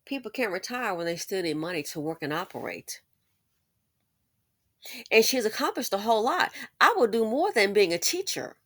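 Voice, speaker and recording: A woman's voice: mid-range voice, animated, normal speed, no room sound. A woman hosting a commentary monologue, emphatic and preachy, repeating her points for force. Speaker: commentary channel host.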